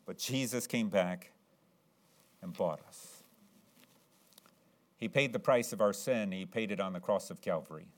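A man preaching a sermon, telling an illustration story in an earnest, conversational way and rising sharply in pitch at excited moments. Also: a little slow, pauses often.

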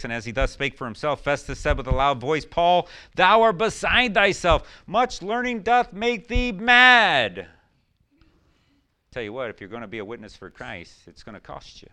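A man preaching a sermon, swinging between loud emphatic questions and quiet, low storytelling.

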